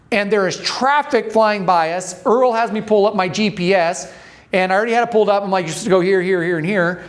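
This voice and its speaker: A man giving a talk to an audience, telling stories, quizzing the crowd and acting out the voices in his stories. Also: high voice. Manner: storytelling, asks the audience questions, acts out voices. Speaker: speaker training dental or medical teams.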